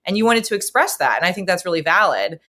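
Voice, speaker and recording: A woman with a lowish voice chatting casually on a podcast. She tells her stories with energy and acts out the people she quotes. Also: lively intonation, quick pace, pushed and bright. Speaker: podcast guest, host's best friend. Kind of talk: casual chat.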